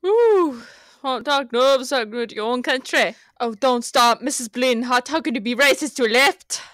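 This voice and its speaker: A woman's voice: sits high, moderate pace, no room sound, studio quality. A woman voicing an exasperated Scottish woman stuck in a lift, in a put-on Scottish accent, for a comedic fan dub. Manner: exasperated, building to furious yelling. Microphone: close, hot mic.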